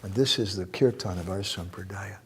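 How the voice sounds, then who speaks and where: A man giving a spiritual lecture and answering questions, animated and joking, reciting verses. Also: low-pitched, a little fast, slight background noise. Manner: animated, quotes verses, jokes and laughs. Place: temple hall.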